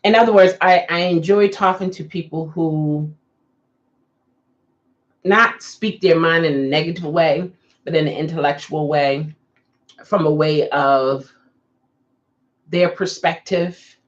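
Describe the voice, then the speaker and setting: A woman's voice: low voice, fairly even intonation, slow, pauses often, muffled recording. A woman hosting a casual livestream, chatting with viewers and coaxing them to answer her questions. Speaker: livestream host.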